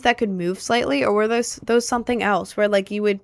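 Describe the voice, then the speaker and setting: A woman's voice: mid-range voice, steady tone, a little fast, gravelly, dry recording. A young woman streamer chatting casually with her viewers, rambling and easily sidetracked in an upbeat way.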